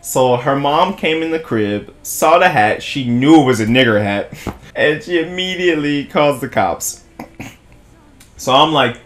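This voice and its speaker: A man's voice: medium pitch, a little slow. A young man vlogging a long, casual story, laughing a lot, swearing freely and acting out what people said. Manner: animated, laughing, profane storytelling with voiced quotes.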